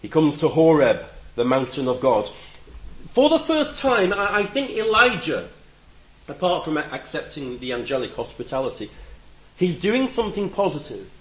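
A man preaching a conversational sermon, reflective with gentle humor and a voice that rises and drops for emphasis. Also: fairly high pitch, very animated, normal speed, roomy sound, low-quality recording.

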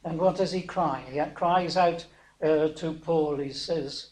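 Male preacher, high voice, halting sermon delivery with fillers, echoey room. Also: fairly even intonation, a little mellow. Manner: hesitant, many fillers, asks rhetorical questions. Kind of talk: sermon retelling a Bible story.

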